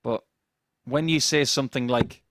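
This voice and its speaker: A man's voice: medium pitch, normal speed, background noise. Chatty male darts commentator. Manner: chatty, joking. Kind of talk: live sports commentary with banter.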